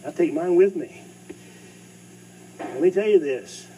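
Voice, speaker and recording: A middle-aged man preaching a sermon as pastor, swinging between loud bursts and hushed asides. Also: a little high, lively intonation, measured pace. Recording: distant mic with faint hum.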